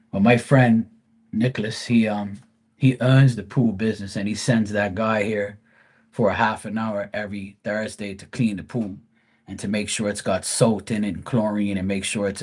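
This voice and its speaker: A man's voice: lowish voice, a little mellow, slightly rough. A man hosting a live stream, telling a casual story in a blunt, profane, rambling way.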